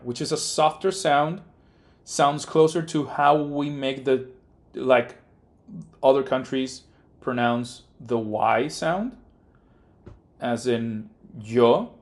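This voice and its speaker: Streaming his game development work live, a native Spanish speaker with a Rioplatense accent talks casually and thinks out loud, rambling with lots of fillers. His voice is mid-range and his pace slow.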